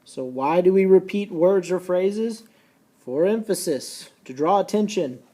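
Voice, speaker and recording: A man teaching a recorded lesson, folksy and casual, slowing down and repeating key points so students can take notes. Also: high-pitched, lively intonation, mellow. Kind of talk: recorded classroom lecture.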